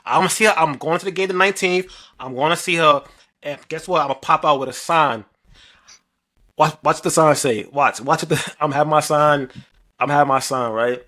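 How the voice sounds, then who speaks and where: Young New man, podcast co-host, high and bright, animated trash-talker. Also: brisk. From New York. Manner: animated, rambling, heavy slang and filler, trash-talking. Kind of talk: casual sports chat.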